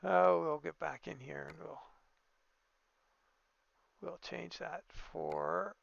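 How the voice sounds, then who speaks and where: A man with a heavily gravelly voice talks through a truck-building game in an easygoing, off-the-cuff way, thinking aloud as he goes. The sound is dry and a little dull, recorded close on a desk microphone. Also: on the high side, steady tone, slow pace, no echo. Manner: easygoing, thinking aloud with fillers and small exclamations. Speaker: gaming video creator. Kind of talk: casual gameplay commentary.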